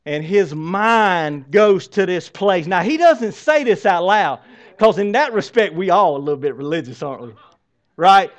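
Pastor guy preaching a sermon, fairly high voice, goes loud then drops way down to almost a whisper. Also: lively intonation, moderate pace. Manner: preaching, voice swinging from loud to hushed.

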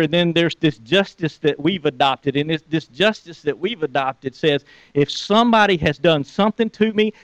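A man's voice: fairly high pitch, no echo. A man preaching a sermon in a conversational way, often asking the audience questions and restarting his words. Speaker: pastor.

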